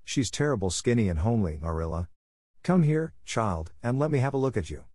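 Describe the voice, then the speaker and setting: A man's voice: mid-range voice, big pitch swings, fairly quick, a little mellow, no echo, clean studio sound. A man reading the lines of a blunt, outspoken older village woman in an audiobook. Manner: outspoken, disapproving.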